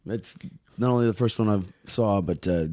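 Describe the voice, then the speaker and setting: Male podcast guest, lowish voice, dry close sound, relaxed with dry jokes. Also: normal speed, dry recording. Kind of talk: casual podcast chat.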